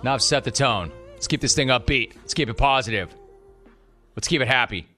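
Sarcastic, bright-voiced radio host man. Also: medium pitch, soft background music. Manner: sarcastic, rapid-fire. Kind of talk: sports talk radio.

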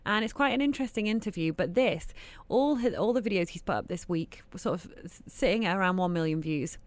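A woman hosting a daytime radio show, chatting in an animated way. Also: on the low side, fairly quick. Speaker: radio host. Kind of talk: casual radio chat.

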